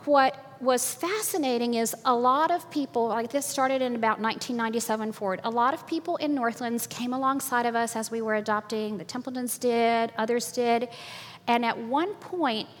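An older woman giving a personal faith testimony at church, animated and often laughing, acting out what others said. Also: on the high side, normal speed, long reverb tail. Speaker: church speaker.

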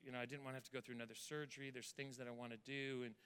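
A man's voice: mid-range voice, flat delivery, racing, fairly bright tone, smooth. A man preaching as pastor, telling a church member's story in an earnest way and then praying over the congregation. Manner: earnest storytelling, repeats words when moved. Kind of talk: sermon with testimony and prayer. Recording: reverberant hall sound.

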